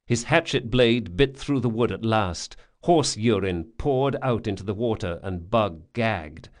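Man narrating a fantasy audiobook. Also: fairly low pitch. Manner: steady, measured storytelling. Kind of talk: scripted narration.

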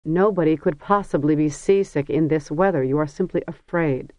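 A woman's voice: low-pitched, moderate pace, darkish tone, no room sound, close to an everyday voice. A narrator as a firm, scolding older mother. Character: brisk, no-nonsense older mother.

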